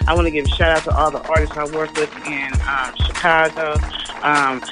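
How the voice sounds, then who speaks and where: A woman's voice: sits low, little pitch movement, brisk. A woman from Ohio, a guest artist talking easily in a casual interview over the phone. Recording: on the phone, music and crowd behind.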